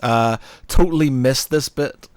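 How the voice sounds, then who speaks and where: A man hosting a casual podcast chat, animated, swearing and laughing often. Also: mid-range voice, unhurried, smooth, no room sound. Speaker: podcast host.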